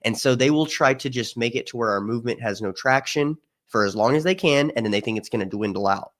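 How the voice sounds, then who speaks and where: A man's voice: mid-range voice, fast talker, a bit bright. A man talking as a podcast guest in a casual political discussion, emphatic and given to storytelling with mimicked voices.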